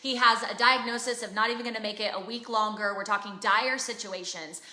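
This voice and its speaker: A woman in her thirties co-hosts a live faith chat, speaking earnestly and emphatically like a preacher. Her medium-pitched voice is bright and forceful, fairly even in intonation and a little fast. The casual live conversation carries a roomy echo.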